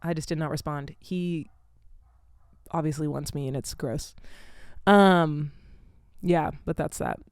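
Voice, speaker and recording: A woman's voice: sits low, steady tone, slow, pauses often, a little mellow, no room sound, studio quality. A young woman, telling stories in a casual vlog chat, candid and swearing freely, with lots of filler "like". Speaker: vlogger.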